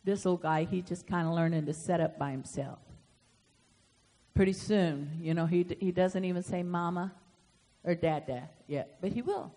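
A woman pastor preaching a sermon, swinging from soft asides to loud emphatic swells. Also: lowish voice, normal speed. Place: church sanctuary. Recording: long hall reverb.

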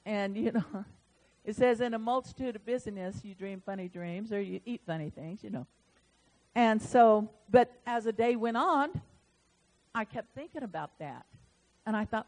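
A woman preaching a sermon, telling a story and then building up to loud, fervent proclamation. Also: mid-range voice, animated, moderate pace, poor audio.

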